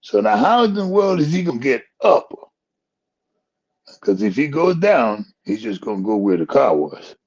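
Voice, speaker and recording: A man's voice: mid-range voice, big pitch swings, normal speed, a little mellow, muffled recording. A man hosting a talk show, telling a rambling joke in casual chat and chuckling at his own punchlines. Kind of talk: casual storytelling commentary.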